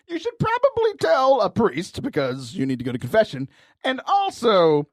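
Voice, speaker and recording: A man's voice: high-pitched, no echo, studio quality. A young man hosting a podcast and talking casually, joking and laughing as he tells stories. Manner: animated, joking, laughs while telling stories. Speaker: podcast host. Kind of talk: casual comedic talk show.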